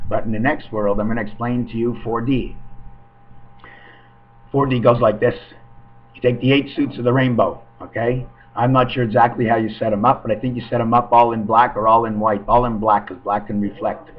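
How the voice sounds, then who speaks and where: A man's voice: mid-range voice, fairly even intonation, fairly quick. A man at home talks straight into his webcam, drifting from one pun to the next in a loose, sing-song ramble. His voice sits in an ordinary middle register. The audio is muffled and lo-fi, like a cheap built-in microphone. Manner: free-associating wordplay, sing-song asides.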